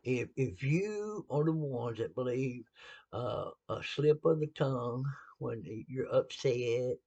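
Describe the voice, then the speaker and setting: A Southern man speaks in a casual, preachy style, folksy and blunt, dropping laughing asides as he talks. His voice is gravelly and a bit husky, and his pitch swings around animatedly. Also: expressive, slow, mellow, highs cut off. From American South. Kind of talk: casual sermon-style talk.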